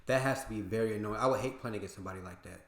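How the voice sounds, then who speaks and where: A man's voice: on the low side, racing. A man hosting a reaction video in casual chat, slangy and repeating his points for emphasis. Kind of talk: casual commentary. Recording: roomy echo.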